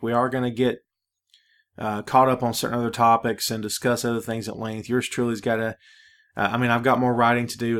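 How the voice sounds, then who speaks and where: A man's voice: medium pitch, fairly bright tone, smooth. A man hosting a solo podcast in a casual, laid-back way, often tossing in "man" and drifting into friendly preaching. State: out of breath. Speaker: podcast host.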